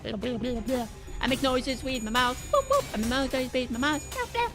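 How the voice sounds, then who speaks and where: A woman streamer chatting playfully over gameplay, making silly noises and swearing in excited bursts. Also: high-pitched, normal speed, over music. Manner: playful, silly mouth noises and sing-song bits; swears freely in excited outbursts. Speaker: streamer playing a game. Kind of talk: casual gameplay commentary.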